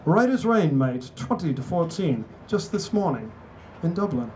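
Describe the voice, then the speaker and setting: A man's voice: a little high, very animated, moderate pace, noisy background, pitched above the performer's own voice. A man doing a cheeky British rugby mate. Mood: teasing. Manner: chummy, teasing, upbeat. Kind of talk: live reading of a novel.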